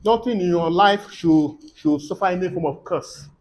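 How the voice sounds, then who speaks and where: A man preaching a sermon, fervent, moving between quiet teaching and loud prayer declarations. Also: high voice, normal speed, slight background noise.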